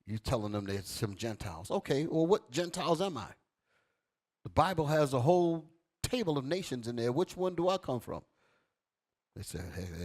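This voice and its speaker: A man preaching a fiery sermon, commanding a reader to read verses and then expounding them. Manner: swings from low and quiet to loud and high. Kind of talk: street sermon with scripture reading.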